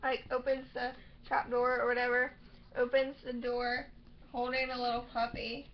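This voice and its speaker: A young woman casually recapping a TV episode, rambling and acting out characters' lines in quick bursts. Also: a little high, little pitch movement. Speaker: recap vlogger. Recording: slightly muffled home recording with faint noise.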